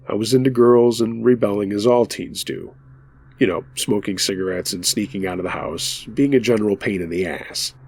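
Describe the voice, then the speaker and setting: A low-pitched man with a gravelly, husky voice narrates a scary story in calm, measured tones. His delivery is steady and scripted, as if reading to listeners around a campfire.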